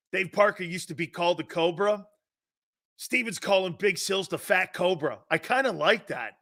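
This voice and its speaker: A man in his fifties hosts a sports talk show, chatting casually and joking as he reads viewer comments. His voice sits a little high and has a bright, pushing edge. He laughs easily and keeps the energy animated. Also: gravelly. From northeastern United States. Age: 50s.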